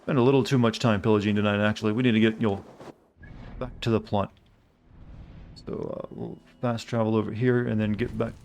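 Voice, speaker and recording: A man's voice: lowish voice, fairly even intonation, a little fast, creaky, a little mellow, a little hiss or hum. A man from the United States streaming a video game. He chats in a rambling way with sarcastic, griping asides. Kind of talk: casual gameplay commentary.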